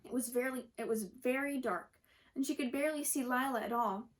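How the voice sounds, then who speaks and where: A woman reading a children's story aloud in a gentle manner, with occasional slips she corrects. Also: high voice, a little fast, low-quality recording.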